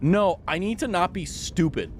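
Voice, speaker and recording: A man's voice: high-pitched, animated, moderate pace, slight background noise. A man streaming a game, chatting casually and joking at his own expense. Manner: joking, rambling, self-mocking. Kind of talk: casual chat.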